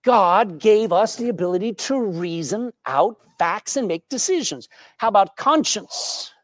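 A woman preaching a sermon, animated and questioning her congregation, with jokes and anecdotes along the way. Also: medium pitch, measured pace, no echo, studio quality. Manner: tells jokes and anecdotes with a laugh.

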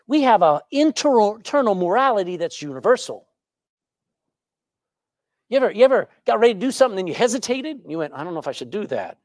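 A woman preaching with a voice that rises and falls freely, keeping her congregation engaged with questions and the odd humorous story. Her sermon is captured close and dry, with no room echo. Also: fairly low pitch. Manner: animated, asks the congregation questions; tells jokes and anecdotes with a laugh.

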